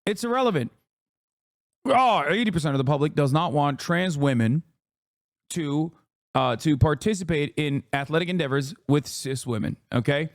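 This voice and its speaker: A man's voice: a little high, lively intonation, normal speed, no room sound, clean studio sound. A man streaming a heated political rant, profane, combative and mocking, in his thirties.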